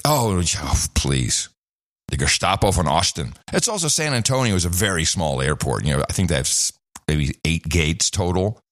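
A man's voice: sits low, normal speed, dry recording, studio quality. A man co-hosting a casual talk show, laughing often and telling stories. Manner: laughs often, animated storytelling. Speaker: podcast co-host. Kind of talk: casual chat.

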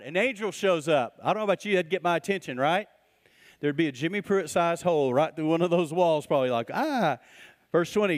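A male pastor preaching a lively, joking sermon and reading scripture aloud. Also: fairly high pitch, long reverb tail. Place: church sanctuary.

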